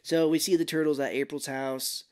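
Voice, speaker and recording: A man co-hosting a podcast, casually recapping a movie scene by scene and dropping into quick silly character voices. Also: on the high side, flat delivery, a little mellow. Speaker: podcast co-host.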